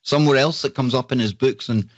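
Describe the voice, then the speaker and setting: A man's voice: medium pitch, fast, no echo. Enthusiastic male show host, lo-fi. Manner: enthusiastic, reads out lists. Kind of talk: casual live show chat.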